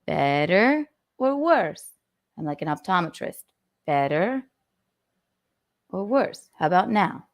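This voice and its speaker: Fiddling with her studio mic's volume, the host hums nonsense and keeps her live stream playful, casual and theatrical. She speaks slowly in a lowish, sing-song voice, pausing often.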